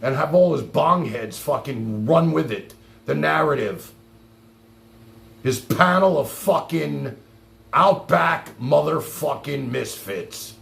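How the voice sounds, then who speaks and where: A man on a live stream, talking in a high, gravelly voice that swoops up and down as he mocks and swears. The sound is echoey, as if from a bare room. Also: animated, slow, a bit bright. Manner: mocking, repeats lines back with sarcasm, swears freely. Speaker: streamer reacting to a clip. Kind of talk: heated live-stream commentary.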